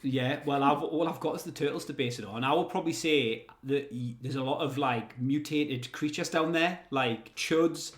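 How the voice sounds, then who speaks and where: A man's voice: mid-range voice, moderate pace, few pauses, reverberant. A man co-hosting a comedy podcast, riffing on silly, absurd ideas. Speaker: podcast co-host. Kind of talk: casual comedy chat.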